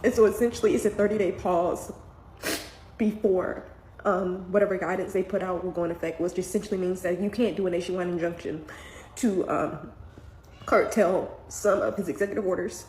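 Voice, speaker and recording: A woman, a mother, giving emotional vlog commentary while trying not to cry, her talk earnest and halting. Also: mid-range voice, steady tone, dark tone. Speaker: parent commenting on the news. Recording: echoey room with faint background noise.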